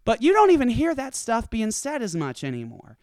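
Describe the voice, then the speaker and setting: A man talks in a casual, profane rant and tells stories by acting out each voice. His pitch sits a little high and jumps all over as he gets worked up. His voice is smooth and clear, and it is recorded close and dry with no room echo. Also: a little fast. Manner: profane, animated storytelling with acted-out quotes. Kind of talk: casual ranting monologue.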